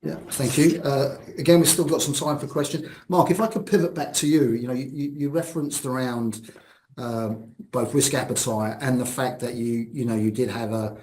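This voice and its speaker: A man's voice: mid-range voice, steady tone, moderate pace, darkish tone, slight background noise, poor audio. A man moderating a business webinar over a video call, talking with many restarts and fillers.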